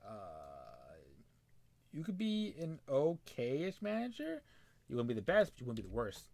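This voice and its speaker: A man's voice: mid-range voice, wildly swooping pitch, a little slow, gravelly, darkish tone. A young man, casually thinking aloud and muttering as he plays a wrestling management game, talking to the characters on screen. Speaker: gameplay commentator. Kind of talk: casual let's-play commentary.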